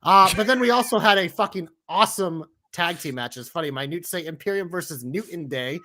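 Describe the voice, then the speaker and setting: A man's voice: sits high, a little fast, sharp tone. A man co-hosting a wrestling podcast in casual, profane, enthusiastic chat. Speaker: podcast co-host.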